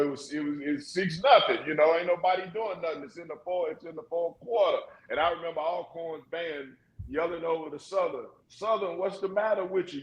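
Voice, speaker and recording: A man's voice: a little high, roomy sound, poor audio. A man hosting a casual sports chat, telling an old stadium memory with easy chuckles. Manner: nostalgic, chuckling storyteller. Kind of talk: casual storytelling.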